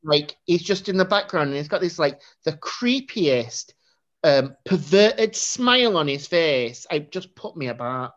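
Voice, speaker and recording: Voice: mid-range voice, lively intonation, unhurried, a bit bright. A podcast co-host, chatting casually about a film, rambling with lots of fillers. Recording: dull lo-fi recording.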